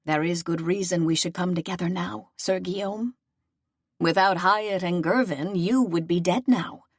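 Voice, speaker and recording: Woman as a young noble lady, earnest and emotional, lowish voice, dry sound. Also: a little slow, slightly rough, dry recording.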